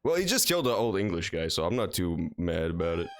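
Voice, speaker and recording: A man hosting a let's play, rambling through his thoughts with crude jokes and frequent swearing. His pitch jumps around a lot as he reacts, and faint game music plays beneath him. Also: big pitch swings, quick pace. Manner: jokey, profane, thinking out loud. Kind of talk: casual gaming commentary.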